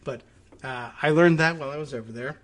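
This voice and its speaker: A man hosting a talk show, reading an article aloud slowly and deliberately, then breaking off into quiet, halting asides. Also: mid-range voice. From United States. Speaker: podcast host.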